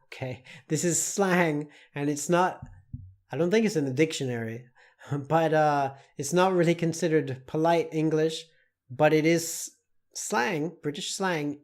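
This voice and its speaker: A man teaching an online English lesson, explaining slowly and deliberately with many spoken examples. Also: a little high, darkish tone.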